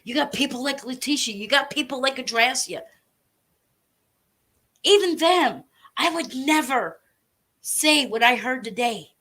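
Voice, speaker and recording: Woman, fairly high voice, angry rant, cursing, threatening, emphatic. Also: normal speed, pushed and bright. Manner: furious, profane, threatening, emphatic. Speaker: online commentator. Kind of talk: angry direct-to-camera rant.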